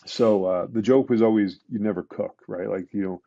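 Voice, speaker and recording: A middle-aged man speaks low and mellow, working through a painful memory in a casual interview. He stumbles, restarts and leans on fillers as he goes. The podcast audio is dull and close, with no room sound. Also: creaky, dry recording. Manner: emotional, halting retelling with many restarts and fillers. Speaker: podcast guest, retired police detective.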